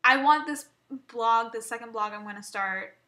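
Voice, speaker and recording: A woman's voice: fairly high pitch, moderate pace, bright, forceful tone. A young woman vlogging an emotional personal rant, rambling and swearing, often stumbling and restarting.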